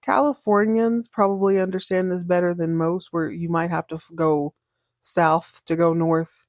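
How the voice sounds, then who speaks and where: A woman hosting a podcast, recapping a TV episode in a chatty, animated way and acting out the characters' lines. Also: fairly low pitch, moderate pace, dry recording, studio quality. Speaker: podcast host.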